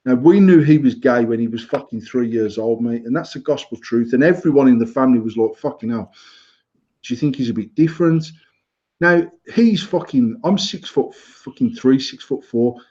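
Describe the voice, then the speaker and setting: A man's voice: mid-range voice, normal speed, few pauses, darkish tone, slightly rough, lo-fi sound. A British man co-hosting a casual banter podcast, talking bluntly and opinionatedly with lots of swearing and restarts. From United Kingdom. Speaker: podcast co-host.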